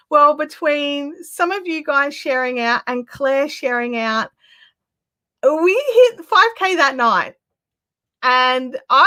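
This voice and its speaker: A woman hosting a craft live stream in casual, excitable chat, often restarting her sentences. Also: high voice. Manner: chatty and excitable, with frequent restarts. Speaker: craft channel host.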